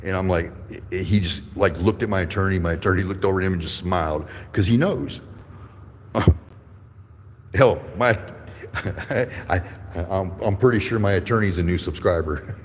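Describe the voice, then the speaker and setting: Gravel-low, profane man in his fifties. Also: measured pace, long reverb tail, a little hiss or hum. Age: 50s. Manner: angry, profane, rambling storytelling. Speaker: livestreaming channel host. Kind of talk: profane livestream rant. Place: courthouse building with echo.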